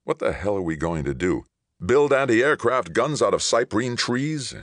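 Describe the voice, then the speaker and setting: A man reading the part of an angry colonist man, with a raised, sharp and indignant delivery. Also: fairly low pitch, big pitch swings, moderate pace, no room sound, clean studio sound, voice pushed up. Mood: bitter.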